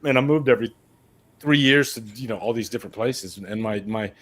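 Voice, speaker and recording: A man's voice: fairly low pitch, fairly quick, fairly bright tone. A man from Mississippi chatting about a movie in a casual panel, rambling and repeating words earnestly.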